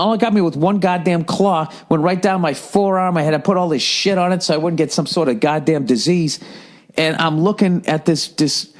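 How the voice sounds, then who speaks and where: A man in his forties from the United States, telling a profane, rambling story on a comedy podcast. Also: a little high. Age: 40s. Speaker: podcast host.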